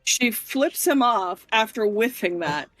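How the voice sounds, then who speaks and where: A woman with a mid-pitched voice plays her character and talks through her movement step by step. Her tone is casual and matter-of-fact. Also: animated, takes it slowly, a bit bright, no room sound, soft background music. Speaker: player. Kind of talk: casual tabletop play.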